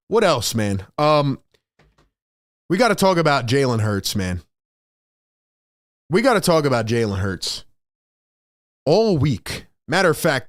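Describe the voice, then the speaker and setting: A man hosting a postgame sports show, talking in an excited, emphatic way and repeating his key points, worked up with excitement. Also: on the high side, no room sound, studio quality. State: overexcited.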